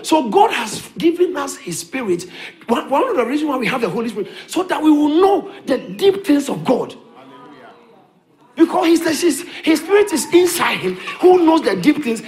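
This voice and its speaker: A man preaching a sermon as a pastor, animated and repetitive, chuckling between points. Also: extremely high pitch, normal speed.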